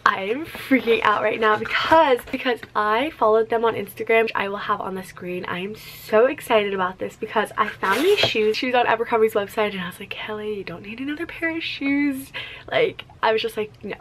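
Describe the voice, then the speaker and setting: A woman's voice: on the high side, steady tone, a little fast, hardly any pauses, a bit bright, a little hiss or hum. A young woman chatting casually to camera in a vlog, bubbly and gushing, often saying "you guys" and "like". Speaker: vlogger.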